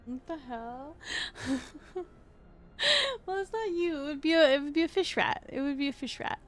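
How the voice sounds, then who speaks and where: A woman's voice: high voice, measured pace. Tired, rambling woman streamer. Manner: rambling, thinking aloud with many restarts. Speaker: livestreamer. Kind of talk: casual stream chat.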